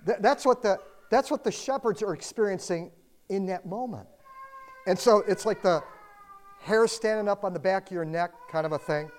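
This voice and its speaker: A middle-aged pastor preaching a sermon to a room of listeners, in a casual style full of "like" and "you know", swinging between loud bursts and hushed asides. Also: medium pitch, normal speed, a little hiss or hum. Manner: conversational, dotted with "like" and "you know". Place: room with a congregation.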